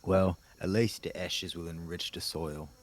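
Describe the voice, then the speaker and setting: A man's voice: low-pitched, steady tone, a little slow, no echo. A man playing a tabletop game, joking and teasing in character. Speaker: player.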